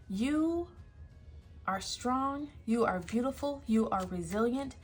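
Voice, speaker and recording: A woman giving a casual tarot reading, emphatic, often laughing and sighing. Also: on the high side. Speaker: tarot reader.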